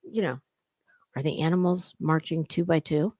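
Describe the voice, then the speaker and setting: A woman's voice: deep voice, normal speed, warm tone, no room sound, studio quality. A middle-aged woman hosting sarcastic reaction commentary, mocking and profane, slipping into put-on voices. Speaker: commentary host.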